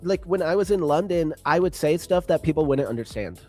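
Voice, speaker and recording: A man's voice: a little high, lively intonation, fairly quick, darkish tone, faint music behind. A man with a Californian accent, co-hosting a livestream in a rambling casual chat full of fillers. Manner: chatty, rambling with many "like" fillers. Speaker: livestream co-host.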